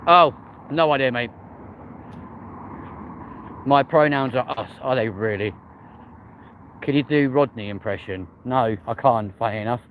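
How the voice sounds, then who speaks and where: London guy live-streaming on a loud busy street, phone mic, slangy banter with chat. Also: mid-range voice, a little slow, long pauses, phone-quality sound. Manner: bantering, reading out viewer comments with slangy replies. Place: outdoors on a busy city street. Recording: loud street traffic noise.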